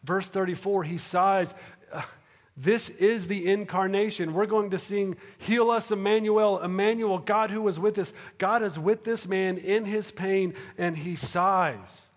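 A man preaching a sermon in a conversational way, moving between hushed moments and animated bursts. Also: high voice, measured pace. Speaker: pastor. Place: auditorium. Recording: reverberant auditorium.

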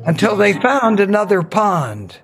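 A man telling a folktale in an improvised, slow and measured storytelling manner. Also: high-pitched, sing-song, gravelly, music in the background, rough recording. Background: veena accompaniment.

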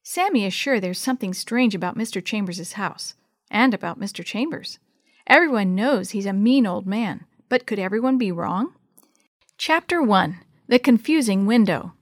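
A woman reading a children's chapter book aloud in a gentle, expressive storyteller voice. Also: medium pitch, normal speed, no echo, clean studio sound.

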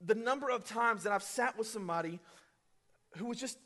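A man preaching a sermon, reading scripture and speaking with energetic, conversational asides. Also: high-pitched, fairly quick, in a large hall. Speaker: pastor.

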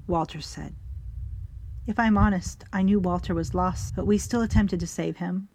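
A woman narrating a first-person story in a measured, even way. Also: lowish voice, gravelly, no echo.

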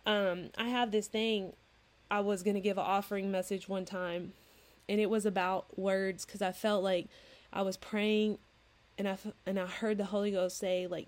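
A woman in her thirties preaching in a casual, chatty way, earnest and animated as she acts out little dialogues. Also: mid-range voice, normal speed. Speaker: Christian podcast host. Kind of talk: informal preaching monologue.

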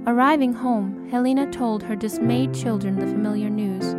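Woman reading an audiobook dramatically, kinda high voice, movie music under it. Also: steady tone. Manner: measured, dramatic storytelling. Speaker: audiobook narrator. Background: orchestral film score.

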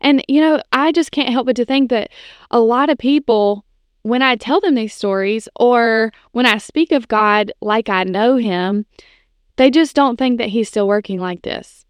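A woman's voice: a little high, unhurried, smooth, no room sound. Chatty woman sharing a faith story. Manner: casual, chatty, frequent "like" and "you know". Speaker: podcast host.

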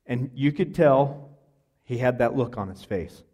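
A man's voice: mid-range voice, measured pace, darkish tone, breathy edge. A man preaching a sermon, telling a personal story in an earnest, conversational way with fillers and restarts. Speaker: pastor.

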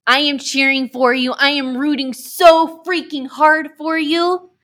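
A woman's voice: sits high, steady tone, a little slow, fairly bright tone. A woman hosting a motivational podcast, talking in a gushing, emphatic way and swearing for emphasis. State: emotional, near tears. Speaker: podcast host.

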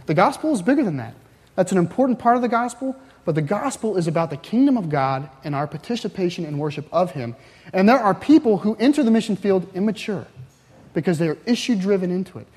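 A man's voice: sits high, lively intonation, quick pace, darkish tone, husky. A man preaching a sermon in a church, talking conversationally with frequent "right?" asides. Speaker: pastor. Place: church sanctuary. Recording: long hall reverb.

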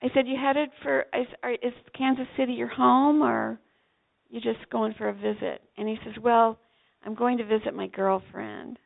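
An older woman tells her story with gusto, leaping up in pitch as she acts out each exchange. Her voice is fairly high with a heavy gravelly fry. The sound is thin and tinny, like a phone line. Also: moderate pace. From Vermont. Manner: animated storyteller acting out dialogue. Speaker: pastor's wife telling a story. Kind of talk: storytelling testimony.

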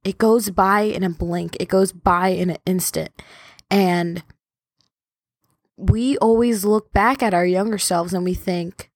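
A woman's voice: medium pitch, steady tone, takes it slowly, no room sound, clean studio sound. A young adult woman hosting a podcast in a casual, rambling, self-deprecating chat. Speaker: podcast host.

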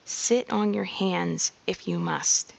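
A woman giving a slow, measured reflective monologue on personal growth. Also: on the low side, gravelly. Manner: slow, measured, drops into whispers.

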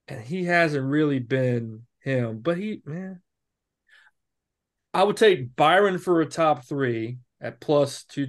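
A man in his thirties talks through his picks as a podcast co-host, thinking aloud and often restarting his sentences. His voice sits in an ordinary middle pitch. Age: 30s. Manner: rambling, self-correcting, thinks aloud. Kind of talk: casual sports betting chat.

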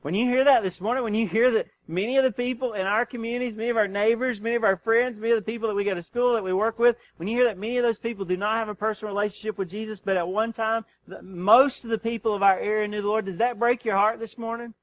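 A man preaching a sermon as pastor. He presses his congregation with questions, calls out "Amen?", and moves between urgent, loud stretches and hushed, slow ones. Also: high-pitched, steady tone, dry recording, low-quality recording. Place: church sanctuary.

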